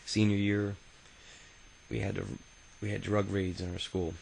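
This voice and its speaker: Gravelly low-voiced man, rambling memoir. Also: level tone, a little slow, a little mellow, slight background noise, poor audio. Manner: rambling and profane, many fillers and restarts. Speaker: autobiography narrator. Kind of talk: casual spoken memoir.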